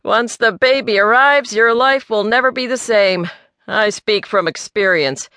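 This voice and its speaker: A woman's voice: fairly high pitch, unhurried, no echo, voice pushed up. A woman doing a blunt, needling man. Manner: teasing and sharp.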